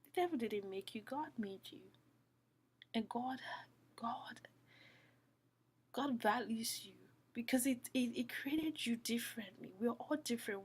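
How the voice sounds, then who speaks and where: A woman giving a heartfelt devotional talk, earnest and repetitive, often falling to a soft whisper. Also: a little high, husky. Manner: earnest, repeats phrases, drops to soft whispers. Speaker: Christian speaker.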